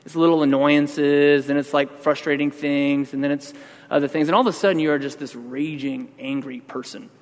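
A man's voice: fairly high pitch, fairly even intonation, normal speed, big-room sound. A man pastor giving a sermon, talking conversationally and then building to emphatic outbursts.

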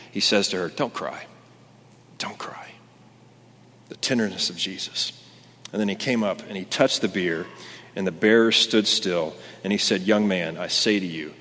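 A man's voice: lowish voice, fairly bright tone. Conversational man preaching in a reverberant hall. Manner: conversational and earnest, with many fillers and restarts. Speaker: pastor. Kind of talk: sermon.

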